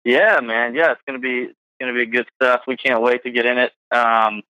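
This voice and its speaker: Bright-voiced man hosting a podcast. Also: mid-range voice, fairly even intonation, fairly quick, clear, resonant tone, dry recording, poor audio. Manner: rambling, filler-heavy. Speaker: podcast host. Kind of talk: casual podcast chat.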